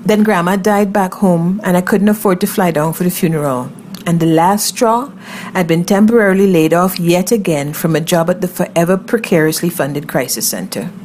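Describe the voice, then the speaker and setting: Woman, story narrator, wry, conversational, lowish pitch. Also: normal speed, a little mellow, slight background noise. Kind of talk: first-person fiction reading.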